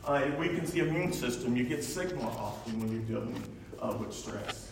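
A man presents with slides in a relaxed, chatty manner, speaking a little fast in an expressive mid-range voice. He laughs often and leans on fillers. The recording comes from a distance in a large echoey room, with faint noise.

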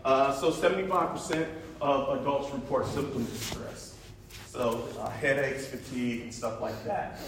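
A man's voice: medium pitch, fairly even intonation, moderate pace. A man giving a casual, chatty talk with slides, using plenty of fillers and laughing often. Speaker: presenter. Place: large echoey room. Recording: echoey room from far off, faint noise.

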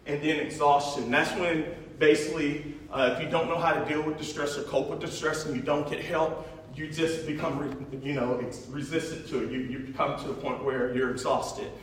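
A man gives an informal presentation, full of fillers and easy laughter. His voice sits a little high. The sound comes from far off in a very reverberant room with faint noise behind. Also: flat delivery, normal speed, hardly any pauses, fairly bright tone. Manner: chatty, laughs often, many fillers. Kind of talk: informal talk with slides. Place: large echoey room.

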